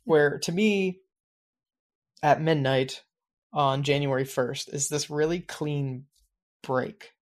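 A man's voice: a little high, slow pace, long pauses. A man co-hosting a podcast in casual chat, rambling and reflective, with many fillers. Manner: reflective, explains his planning habits at length. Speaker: podcast co-host.

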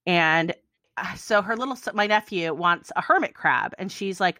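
A woman in her thirties from the United States co-hosts a podcast, spinning a long story in casual chat. She speaks in a fairly low voice. Her delivery is loose and chatty, broken up by fits of wheezing laughter, and the sound is dry and close. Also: lively intonation, moderate pace, sharp tone, dry recording. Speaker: podcast co-host.

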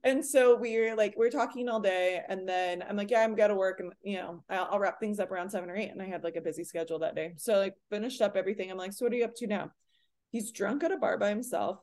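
A woman's voice: medium pitch, fast talker. A young woman in casual podcast chat, telling a dating story with lots of "like" and acted-out quotes. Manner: animated storytelling, heavy on "like", acts out quotes. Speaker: podcast co-host.

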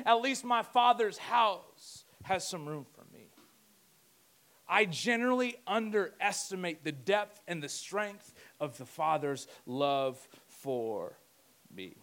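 Man, pastor, sermon, high clear voice, chatty with jokes. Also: slow, a bit bright. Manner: conversational and joking, with asides to himself.

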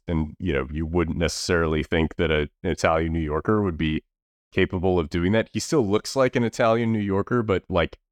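A deep-voiced man co-hosts a podcast, casually rambling about movies with plenty of fillers and restarts. The recording is dry, with clean studio sound.

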